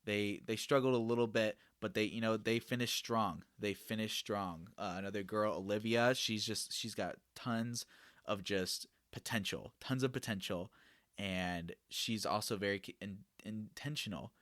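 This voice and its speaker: A man's voice: on the low side, moderate pace, fairly bright tone, dry recording, studio quality. A young man hosting a casual Q&A podcast, talking earnestly and rambling with frequent self-corrections about mentoring students. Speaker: podcast host and youth discipler.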